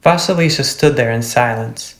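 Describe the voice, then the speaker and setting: A man reads a fairy tale aloud in a steady, measured storytelling voice. His tone has a gravelly, creaky texture. The recording carries a clear room echo. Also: medium pitch. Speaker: narrator. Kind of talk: storybook reading.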